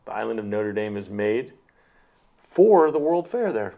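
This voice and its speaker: A man's voice: fairly low pitch, big pitch swings, measured pace, creaky, mellow. A man co-hosting a casual podcast chat, joking and self-mocking as he talks. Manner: jokey, self-mocking, chatty. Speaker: co-host.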